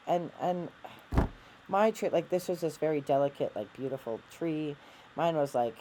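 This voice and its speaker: A middle-aged woman talks straight to her viewers in a rambling, self-deprecating way, stopping and restarting her sentences and packing in fillers. Her voice is mellow and soft-edged, and a faint noise sits behind her. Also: very deep voice, rough recording. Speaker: vlogger. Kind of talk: candid personal vlog.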